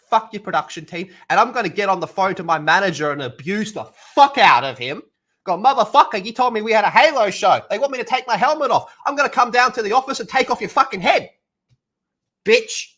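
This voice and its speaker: A furious male actor who rants and swears nonstop, the voice climbing high and sharp as he shouts at his manager, as a man streamer puts him on. The delivery swings wide and heated. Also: expressive, fairly quick.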